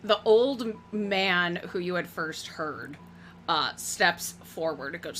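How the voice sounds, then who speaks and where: A woman narrating as game master of a tabletop game, halting as she searches for words. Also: fairly low pitch, expressive, fairly bright tone, slight background noise.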